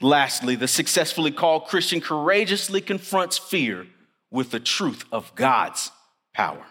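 A man preaching a chapel sermon, earnest and emphatic, slowing down to stress key lines. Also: fairly high pitch, big pitch swings, pushed and bright, slightly rough. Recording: long reverb of a chapel hall.

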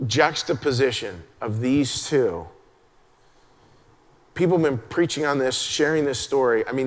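A man preaching a sermon as a pastor, chatty and conversational, dropping into a soft hush to stress a point. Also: mid-range voice. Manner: conversational, drops to a hush for emphasis. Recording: long hall reverb.

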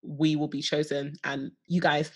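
A young woman co-hosts a podcast in easy, casual chat. Her voice sits a little low for a woman, and she talks in a bubbly, playful way with lots of jokey asides. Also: level tone, a little slow, breathy edge. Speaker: podcast co-host.

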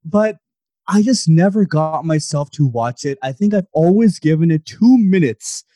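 A man co-hosting a podcast in casual chat, animated and jokey as he talks. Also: dry recording, clean studio sound. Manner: animated and jokey, with quick swings in pitch. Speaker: podcast co-host.

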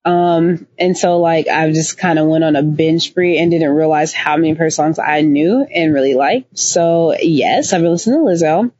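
Animated woman co-host, dull lo-fi sound. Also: low voice, moderate pace, few pauses. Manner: animated, emphatic, laughs often. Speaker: podcast co-host. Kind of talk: casual chat. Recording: dull lo-fi dry recording.

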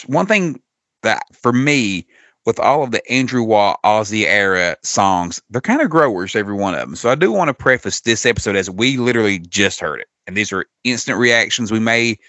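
A man's voice: low-pitched, sharp tone, no room sound, dull audio. A man hosting a podcast in casual, brash chat, swearing freely. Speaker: podcast host.

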